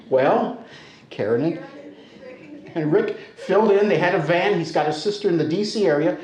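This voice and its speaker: An older American man spins a funny personal tale for a live crowd, his talk loose and conversational. His voice sits a bit high for a man, and the hall adds a clear echo around every line. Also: darkish tone. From United States. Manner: conversational and humorous. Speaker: storyteller. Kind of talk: told personal story before a live audience. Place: storytelling center hall. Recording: echoey hall.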